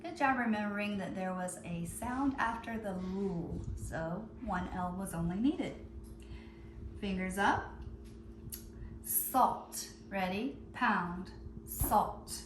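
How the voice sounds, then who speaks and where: A woman teacher leading a phonics lesson for young children, calling out words slowly and stretching out the sounds. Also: mid-range voice, reverberant, slight background noise. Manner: slow, drawn-out word calling.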